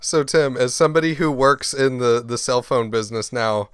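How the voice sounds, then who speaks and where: A man's voice: mid-range voice, moderate pace, a bit bright, clear, resonant tone, no echo, clean studio sound. A man co-hosting a podcast, asking teasing questions in casual chat. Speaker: podcast co-host.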